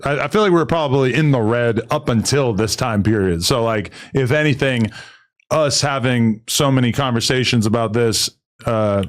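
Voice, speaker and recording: A man speaking in an offhand, candid way, full of fillers. His pitch is medium. His tone is conversational. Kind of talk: casual conversation.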